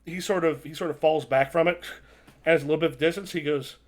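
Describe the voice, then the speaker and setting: A man narrating as game master, halting with fillers. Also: fairly high pitch, fairly even intonation. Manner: halting, filler-heavy, chuckling. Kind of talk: improvised tabletop narration.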